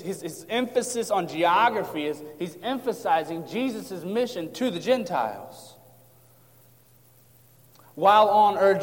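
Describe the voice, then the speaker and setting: A man preaching an expository sermon, calm as he explains and rising to impassioned emphasis. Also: fairly high pitch. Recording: long hall reverb.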